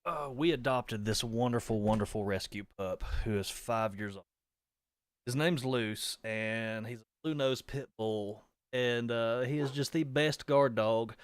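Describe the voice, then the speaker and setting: A man's voice: medium pitch, unhurried, clear, resonant tone, no room sound. A young man streaming a horror game live, chatting and rambling between startled yelps and swearing. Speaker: gaming streamer. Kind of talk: live horror gameplay commentary.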